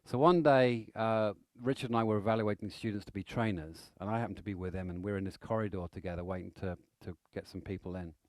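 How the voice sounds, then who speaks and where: A man's voice: on the low side, fast, few pauses, no echo, clean studio sound. A man, an NLP trainer telling stories to a seminar audience, acting out the people in them. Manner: animated, acts out stories with shouts and laughter. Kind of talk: live seminar storytelling.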